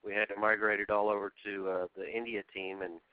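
Casting: lower-voiced man as job candidate, eager but halting, dry sound over a thin phone line. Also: flat delivery, clean tone, dry recording. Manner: earnest, halting, with restarts.

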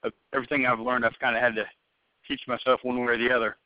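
A man's voice: mid-range voice, level tone, fast, no room sound. Rambling man interviewing over the phone. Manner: loose, rambling, many fillers and restarts. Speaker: hiring manager interviewing a candidate. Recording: muffled phone-call audio.

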